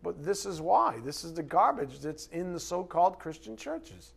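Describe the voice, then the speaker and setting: A man preaching a sermon, asking his congregation rhetorical questions and swinging between loud emphatic bursts and quiet asides. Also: high voice, expressive, moderate pace, creaky, husky. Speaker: pastor.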